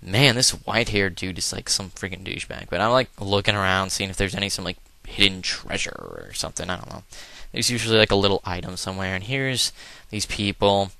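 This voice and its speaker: Rambling man with a bright, crisp voice. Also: sits low, steady tone, fairly quick. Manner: rambling, offhand, crude jokes. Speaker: let's play commentator. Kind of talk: casual gameplay commentary.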